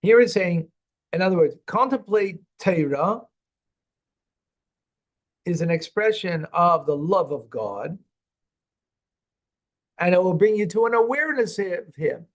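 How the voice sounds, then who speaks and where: A man's voice: high voice, expressive, unhurried, pauses often. A man, a rabbi, teaching a Torah class, reading verses aloud, translating them and quizzing a student before explaining. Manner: questions the student and then explains.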